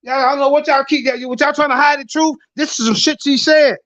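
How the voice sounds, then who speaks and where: A man's voice: very high voice, fairly even intonation, fairly quick, a bit bright, no room sound. A man hosting a heated online group chat, ranting and cursing, repeating himself as he argues. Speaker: show host. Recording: dull, dry online call audio.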